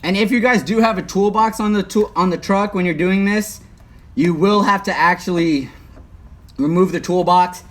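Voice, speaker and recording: A man's voice: high-pitched, normal speed, fairly bright tone. A young man chatting casually on an outdoor livestream while he works on a truck, hot and sweating, recorded on a phone. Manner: chatty, talks while working, often mutters. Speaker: livestreaming YouTuber. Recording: faint outdoor noise.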